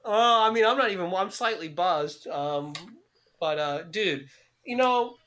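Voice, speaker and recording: A man's voice: sits high, unhurried, pushed and bright. A young man co-hosting a podcast, talking in a cynical, heavily profane, rambling way. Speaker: podcast co-host. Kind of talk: casual chat.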